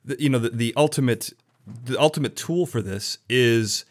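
A man hosting a podcast interview, telling stories with lively restarts and stumbles. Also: medium pitch, normal speed. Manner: animated storyteller, many restarts. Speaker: podcast host. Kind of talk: conversational interview.

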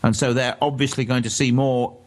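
A man, a historian guest, telling stories in a relaxed radio chat with frequent laughter. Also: medium pitch, fairly quick. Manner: animated storyteller, laughs often. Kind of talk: casual radio chat, anecdote.

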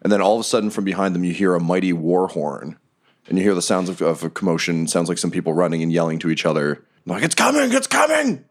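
A man narrating as game master of a tabletop role-playing game, lively and quick to laugh. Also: deep voice. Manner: lively, laughing narration with shouted character lines.

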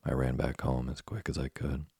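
A man's voice: very deep voice, flat delivery, normal speed, warm tone, no echo, clean studio sound, heavily acted. A man reading as a whiny wooden puppet boy. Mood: whimpering. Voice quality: gravelly, husky. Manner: whimpering and petulant.

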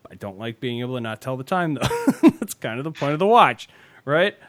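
A man's voice: mid-range voice, lively intonation, fairly quick, a bit bright. A man hosting a casual podcast, rambling and self-deprecating, laughing often as he talks. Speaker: podcast host. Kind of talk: casual tech podcast chat.

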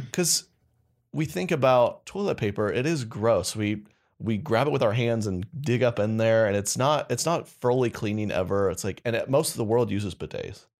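Low-voiced man rambling. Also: moderate pace, vocal fry, darkish tone. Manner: rambling, self-mocking, trailing restarts. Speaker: podcast co-host. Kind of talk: casual comedy chat.

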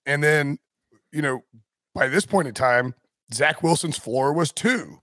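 A man's voice: on the high side, unhurried, fairly bright tone, dry recording. Guy rambling about mock drafts, lots of likes and ums, dry close mic. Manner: rambling, many restarts and fillers. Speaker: podcast host. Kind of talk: casual sports talk.

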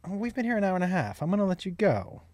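Lively profane American podcast host man. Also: high voice, fast talker, no echo, clean studio sound. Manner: animated, profane, laughing easily. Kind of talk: casual chat.

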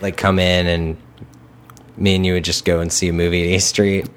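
Man, low voice, podcast co-host, casual, stumbles and restarts. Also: little pitch movement, a little hiss or hum. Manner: quick, loose, trips over his words. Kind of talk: casual chat.

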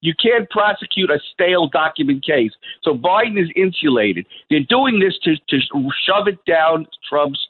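A man's voice: a little high, expressive, moderate pace, few pauses, slightly rough. Insistent male caller on a tinny phone line. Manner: insistent, lecturing. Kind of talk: call-in talk radio.

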